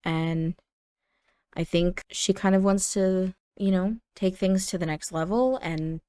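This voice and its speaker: A woman voicing a nervous teenage boy who misses his late father, speaking softly and with hesitant, stammering restarts. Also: fairly low pitch, slow, clean tone, no room sound, clean studio sound. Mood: anxious. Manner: hesitant, stammering, soft-spoken.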